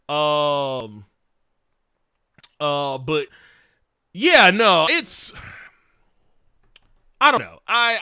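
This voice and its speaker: A man hosting a livestream, chatting frankly and excitably, laughing often and swearing as he answers viewer questions. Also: mid-range voice, clean tone, no echo, studio quality. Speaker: livestream host.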